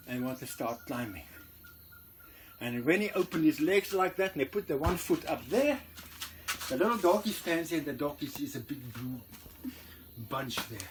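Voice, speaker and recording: Animated man telling a comic story. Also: a little high, background noise. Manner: animated, drops to hushed tones for suspense. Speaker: tour guide.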